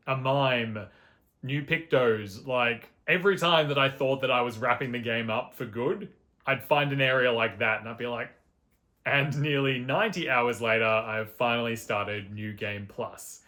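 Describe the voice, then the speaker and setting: A man's voice: medium pitch, fairly bright tone. A man talking through his thoughts on a video game, reflective and enthusiastic, with casual asides. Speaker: gaming video host. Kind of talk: casual game review monologue.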